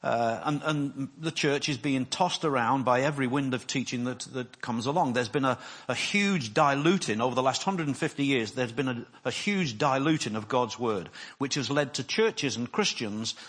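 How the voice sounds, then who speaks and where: Husky, rambling male preacher. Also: medium pitch, normal speed, hardly any pauses, fairly bright tone. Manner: rambling, self-deprecating, frequent restarts. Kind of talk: sermon.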